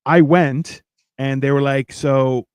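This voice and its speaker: A man's voice: mid-range voice, fairly even intonation, slow pace, darkish tone, clear, resonant tone, dry recording. Rambling, storytelling man, dry close sound. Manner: rambling anecdotes, acting out quotes with playful voices. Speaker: podcast co-host. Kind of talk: casual storytelling chat.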